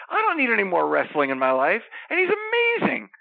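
A man telling rambling, profane wrestling stories in a casual chat, animated and quick to jump from one tangent to the next. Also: high voice, vocal fry, no echo. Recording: slightly dull, dry sound.

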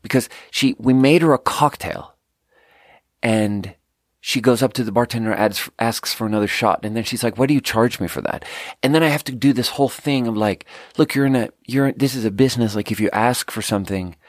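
A man's voice: mid-range voice, a little fast, no room sound, clean studio sound. A man, a podcast host and restaurant server, casually telling a long exasperated story about difficult guests, swearing freely. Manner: profane, exasperated, animated retelling.

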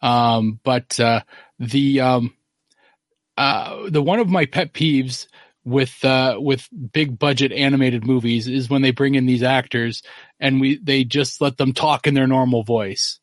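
A man hosting a casual podcast, talking in a rambling, opinionated way at a middle pitch. The sound is dry and close, with no room around it. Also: fairly even intonation, a little slow, no room sound. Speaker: podcast host.

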